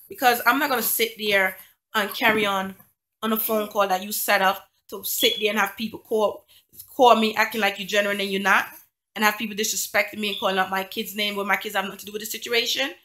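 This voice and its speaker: A woman's voice: medium pitch, pushed and bright. A woman vlogging about a conflict, indignant and emphatic, pressing home her point with repeated rhetorical questions. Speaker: single mom vlogger. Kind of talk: indignant storytime vlog.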